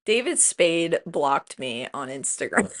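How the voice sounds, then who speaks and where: A woman in her thirties co-hosting a podcast in casual chat, chatty and expressive. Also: low voice, slow pace. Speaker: podcast co-host.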